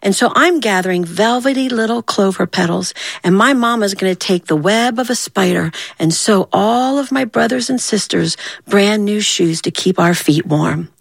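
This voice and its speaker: A woman's voice: mid-range voice, normal speed, gravelly, no room sound. Woman doing a scolding little ant girl. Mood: earnest. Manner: scolding, sing-song refrains.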